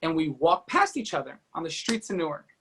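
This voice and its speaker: Energetic male entrepreneur telling a story. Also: fairly high pitch, slight background noise. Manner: energetic, fast-talking storyteller with frequent fillers. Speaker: podcast guest, entrepreneur. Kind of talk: animated storytelling in an interview.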